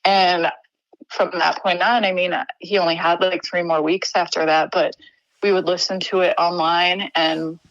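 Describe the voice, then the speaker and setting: A young woman from Wisconsin speaks as a podcast guest, her voice sitting a little low and recorded close and dry. She talks earnestly and haltingly, often restarting her sentences as she works through a personal story. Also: level tone, a bit bright, dry recording, lo-fi sound.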